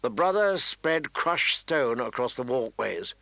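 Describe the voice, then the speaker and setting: A man reading a novel aloud in a measured, even storytelling manner. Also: medium pitch, vocal fry, no room sound. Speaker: audiobook narrator. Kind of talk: scripted narration.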